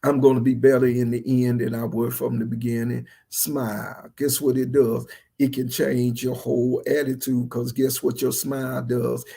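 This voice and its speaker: A man's voice: medium pitch, little pitch movement, moderate pace, vocal fry, dark tone, breathy edge. A male pastor with a Southern US accent, preaching a livestreamed sermon in a repetitive style that builds to fervent energy.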